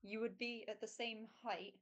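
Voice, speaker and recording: A woman's voice: a little high, steady tone, normal speed, fairly bright tone. A woman playing in a tabletop role-playing game, pointing out the flaws in plans with sarcastic remarks. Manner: sarcastic, practical. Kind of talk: casual chat at a tabletop game.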